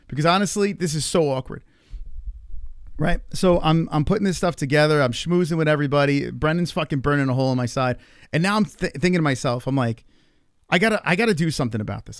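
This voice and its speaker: A man hosting a livestream, telling a behind-the-scenes story in a casual, animated, profane ramble full of fillers. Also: a little high, no echo, clean studio sound. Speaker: livestream host. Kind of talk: casual storytelling to a live chat.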